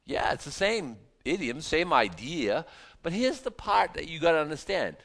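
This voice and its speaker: A man's voice: fairly high pitch, big pitch swings, normal speed, vocal fry, fairly bright tone. A man teaching a sermon on a Bible passage in a conversational way, often repeating words as he goes.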